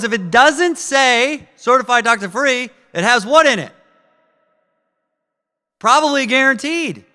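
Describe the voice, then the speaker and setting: A man giving a live sales training talk, energetic and asking the audience questions. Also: high voice, in a large hall. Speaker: network marketing trainer. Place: training event room with audience.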